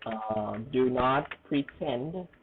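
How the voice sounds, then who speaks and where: A man teaching an English lesson in a casual, earnest way, often checking in with "okay?" and "right?" and stressing words slowly. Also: medium pitch, animated, a little hiss or hum. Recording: tinny phone-like audio.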